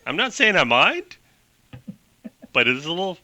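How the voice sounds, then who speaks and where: A breezy, folksy woman flier from another era, as a man puts her on. She talks fast and clipped, her voice bright and sharp, leaping up and down in pitch. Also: sing-song, dry recording, full character voice. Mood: sheepish. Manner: fast clipped old-fashioned talk, folksy exclamations. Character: brisk chatty woman aviator, cheerful and folksy.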